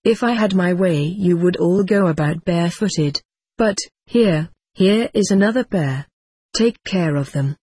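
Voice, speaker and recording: A woman's voice: lowish voice, a little slow, darkish tone, husky, dry recording. A woman voicing a stern, pompous older male monk who bullies the boys in his charge, read in a plain storybook manner. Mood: gruff. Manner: scolding, blustering, then falsely sweet.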